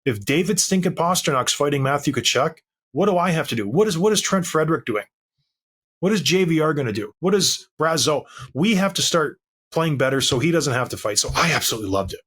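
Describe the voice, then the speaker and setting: A man's voice: a little high, lively intonation, fairly quick, fairly bright tone, breathy edge. A man co-hosting a sports podcast, telling stories in an emphatic, fired-up way during casual chat. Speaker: podcast co-host.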